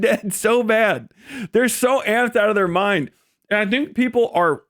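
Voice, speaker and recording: High-voiced man in a profane mocking rant. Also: fairly bright tone, clean tone, no echo, studio quality. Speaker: streamer host. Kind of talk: live stream commentary.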